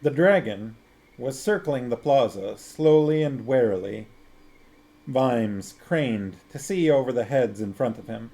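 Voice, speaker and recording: A man's voice: medium pitch, lively intonation, measured pace, warm tone. A man streaming, reading a novel aloud expressively and chatting with viewers. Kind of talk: audiobook-style narration and chat.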